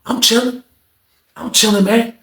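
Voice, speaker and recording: A storyteller voicing a tense, guarded man who mutters low and insists he is fine. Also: fairly even intonation, a little slow, gravelly, fairly bright tone, exaggerated voice. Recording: echoey room.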